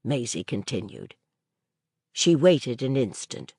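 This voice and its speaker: Woman, audiobook narrator, classic novel, slow measured reading, very lively pitch, dry close sound. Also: dry recording. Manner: measured, dropping low and soft for speech tags. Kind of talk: scripted literary narration.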